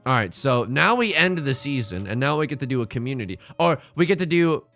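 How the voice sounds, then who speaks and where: A young man streaming a game live, excitable and joking as he reads the game text aloud to his chat. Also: medium pitch, a little fast, faint music behind.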